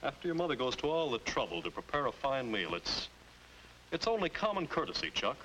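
A man's voice: medium pitch, very animated, a little fast, pushed and bright, low-quality recording. A man playing a stern, reproachful father in an old educational film. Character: stern middle-aged father. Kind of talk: 1950s educational film acting. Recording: hissy old film soundtrack.

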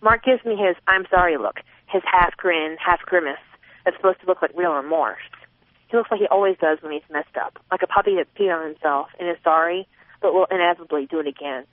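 A woman reads a first-person novel aloud at a fairly quick pace, her lowish voice expressively conveying a twelve-year-old girl's inner thoughts. The audiobook narration has a narrow, phone-like sound that's dry and echo-free.

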